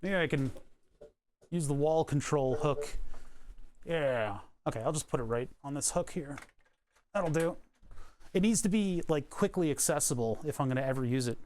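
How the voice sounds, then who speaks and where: A man's voice: a little high, moderate pace, long pauses, darkish tone, a little hiss or hum. Rambling, self-amused male streamer. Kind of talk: casual live-stream chat while working. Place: home workshop with a 3D printer.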